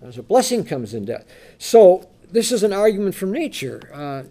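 Male preacher, slightly high and very animated, emphatic scripture reading with rhetorical asides. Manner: animated, rhetorical questions, shifts between loud reading and low asides; reads scripture in slow, emphatic tones.

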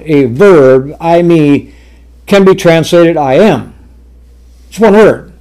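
A male preacher delivers a teaching sermon, reading scripture aloud and unpacking it point by point. His voice sits slightly high and he takes his time, with fillers and small restarts along the way. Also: a little mellow.

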